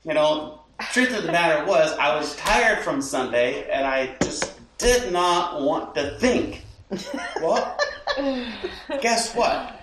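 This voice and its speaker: A man's voice: on the high side, slow pace, noisy background. A man who is a lead pastor talking casually and acting out the things people tell themselves. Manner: lively, acts out quoted inner talk, laughs often. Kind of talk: casual chat. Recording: roomy sound from a distant mic.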